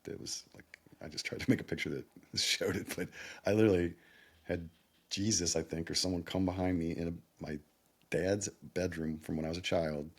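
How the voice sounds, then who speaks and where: Middle-aged man, low husky voice, rapid rambling vlog storytelling that keeps breaking into laughter. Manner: rambling, excitable, laughs between phrases. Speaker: vlogger. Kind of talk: personal storytelling monologue.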